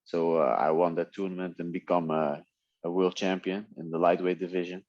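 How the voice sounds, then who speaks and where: A man whose first language is Dutch, telling stories in a relaxed way in a casual interview, often laughing. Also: low-pitched, fairly quick, no room sound, highs cut off. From Netherlands. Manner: relaxed storytelling with frequent laughs and restarts. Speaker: guest, MMA fighter.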